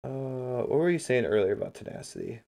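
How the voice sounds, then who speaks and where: A man breaks down a game replay live on stream in an easy, chatty way. He keeps turning to his viewers, answering their messages and cheering them on as he explains what went wrong. His voice sits at an ordinary middle pitch for a man. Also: big pitch swings, brisk, gravelly, mellow. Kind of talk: casual livestream replay analysis.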